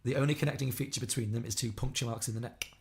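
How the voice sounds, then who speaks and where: A quick, chatty man hosting a casual podcast, reading out listener ideas and riffing on them. His pitch sits in an ordinary middle range and he talks briskly. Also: fairly even intonation, creaky. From Liverpool area of England. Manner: quick, chatty, reads listener suggestions aloud with laughs. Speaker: podcast host.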